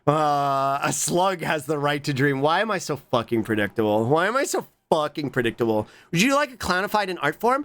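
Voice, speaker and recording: A man streaming and chatting casually with his viewers, excitable and swearing often. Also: brisk, few pauses. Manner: excitable, swears a lot, jumps to squeaky high greetings.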